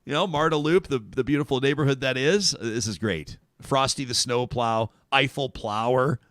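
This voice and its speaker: A man's voice: mid-range voice, moderate pace, a bit bright, no echo, clean studio sound. A man in his thirties hosting a talk show, chatting casually and joking, rambling with restarts. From Canada.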